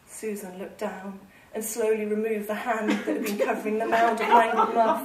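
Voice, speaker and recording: A woman author reading her comic novel aloud at a live salon, with lively, amused storytelling. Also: medium pitch, normal speed, crowd noise. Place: literary salon with a live audience. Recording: echoey room, distant mic, audience laughter.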